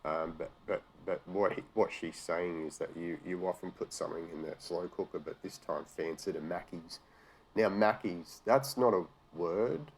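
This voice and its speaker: An Australian commentary host rants sarcastically about news articles, swearing freely and sounding exasperated. His voice sits low and moves at normal speed, with slight background noise.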